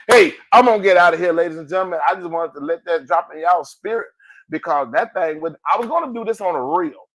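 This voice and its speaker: Guy hosting a podcast, preachy hype talk, kinda high voice, gets loud then drops soft. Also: quick pace. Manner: preachy, exclaims "ooh", big swings in pitch and volume; colloquial, addresses listeners as family. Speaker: podcast host. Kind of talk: motivational monologue.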